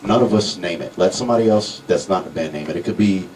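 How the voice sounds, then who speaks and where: A man's voice: low-pitched, fast talker, darkish tone. A man in a band, chatting casually in an interview, rambling a little with restarts. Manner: laid-back, rambling with restarts. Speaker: band member. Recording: distant mic with faint background noise.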